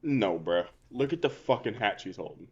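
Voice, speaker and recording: Man, lowish voice, muffled lo-fi sound, casual profane storytelling, podcast co-host on a call. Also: animated, moderate pace. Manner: profane, laid-back storytelling with slang. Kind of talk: casual comedic chat. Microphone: video call.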